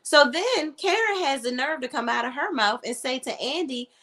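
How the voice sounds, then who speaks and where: A woman's voice: sits high, normal speed. A woman giving a casual recap of a TV drama, retelling scenes dramatically and acting out the characters' lines as she goes. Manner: animated, dramatic retelling with lively quoted asides. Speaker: TV show reviewer.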